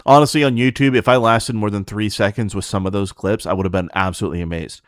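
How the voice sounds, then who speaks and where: A man's voice: on the low side, steady tone, quick pace, no echo, clean studio sound. A man hosting a livestream, talking casually in a blunt, profane, ranting way to his chat. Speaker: streamer host.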